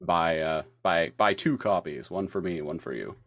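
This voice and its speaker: A man co-hosting a comic book podcast, talking in a relaxed, halting way with lots of fillers. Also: low-pitched, no room sound. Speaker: podcast co-host. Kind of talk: casual comic review chat.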